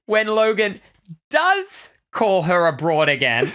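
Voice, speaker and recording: A woman's voice: medium pitch, huge pitch swings, slow pace, fairly bright tone. A woman co-hosting a casual comic-book podcast, recapping with enthusiastic, rambling chatter and plenty of "like"s. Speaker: podcast co-host.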